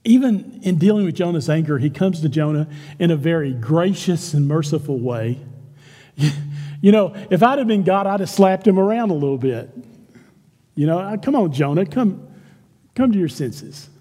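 Pastor, male, lively preacher who acts out quoted lines, mellow tone, church hall echo. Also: fairly high pitch, normal speed. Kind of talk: sermon. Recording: long hall reverb.

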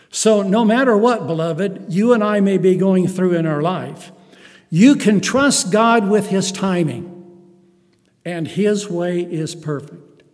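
Rhetorical questions drive this sermon, delivered by a pastor whose high voice is a little mellow. He calls the congregation beloved, and the hall gives the sound a long reverb.

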